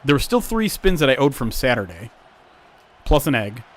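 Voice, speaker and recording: With big pitch swings in his medium-pitched voice and a normal speaking speed, this young streamer talks over slight background noise. He calls a football simulation's plays, reads his chat aloud, chats casually with viewers, and gets loud when big plays happen.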